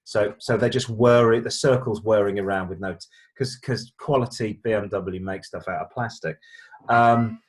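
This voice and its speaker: A man's voice: lowish voice, normal speed. A middle-aged man co-hosting a car show, chatting casually through viewer letters in a jokey, stammering way. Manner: lively, jokey, stammering restarts.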